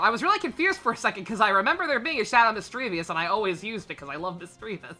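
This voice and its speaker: A young woman streaming a game, giving casual, laughing, excitable commentary with swearing. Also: mid-range voice, very fast, soft background music.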